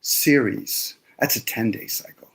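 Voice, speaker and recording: A man's voice: medium pitch, measured pace. A man speaking in a casual panel discussion, lecturing emphatically with frequent swearing.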